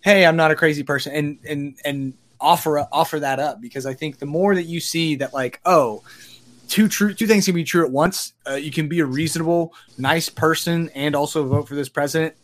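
A man with a somewhat high voice speaks casually and thinks aloud as he goes. He rambles a bit and often restarts his phrases. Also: steady tone, fairly quick, a bit bright. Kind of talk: casual conversation.

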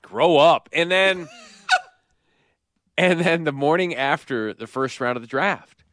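A man in his thirties with a slightly high voice chats casually on a podcast, telling family stories and laughing along. The sound is dry and close, with no room around it. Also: slow pace, sharp tone, no echo. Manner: storytelling, laughing often. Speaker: podcast co-host. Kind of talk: casual chat.

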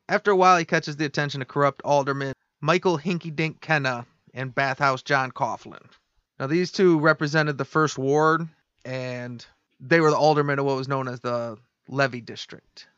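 A man's voice: mid-range voice, fairly even intonation, moderate pace, fairly bright tone, smooth, dry recording, muffled recording. A man co-hosting a podcast, casually telling a history story with swearing and laughs. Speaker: podcast co-host. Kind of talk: casual chat.

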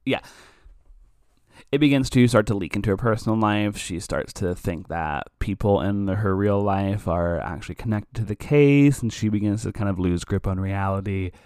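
A man's voice: fairly low pitch, moderate pace, darkish tone, clean tone, dry recording, studio quality. A man giving a casual, rambling film review for a podcast. He curses often and keeps cutting himself off mid-sentence. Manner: rambling, profane, self-interrupting.

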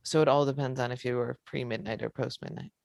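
A woman's voice: rumbling low, fairly even intonation, fast, creaky, a little mellow, no echo. A young woman co-hosting a casual chat podcast, blunt and swearing freely as she tells stories. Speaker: podcast co-host.

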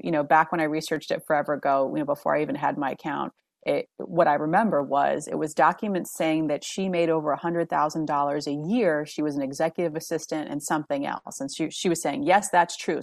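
Woman podcast host, pretty low voice, chatty and animated, dry close sound, lots of "like" and little laughs. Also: creaky, no room sound. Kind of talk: casual chat.

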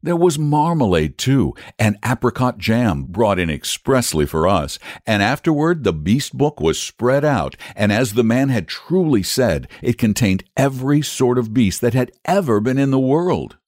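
A man reading a storybook aloud as narrator, in a measured, expressive storytelling manner. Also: mid-range voice, no room sound, clean studio sound.

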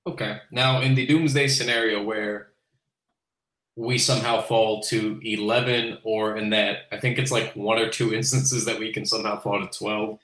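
A man's voice: on the low side, little pitch movement, normal speed, fairly bright tone. A young man co-hosting a casual live sports podcast, asking questions in a hesitant way with many restarts. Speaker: podcast co-host. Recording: echoey room.

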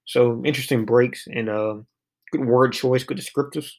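A man's voice: medium pitch, fairly even intonation, normal speed, a little mellow. Rambling man chatting about poems. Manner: rambling, many fillers and restarts. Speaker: poetry reading vlogger. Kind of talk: casual commentary on poems.

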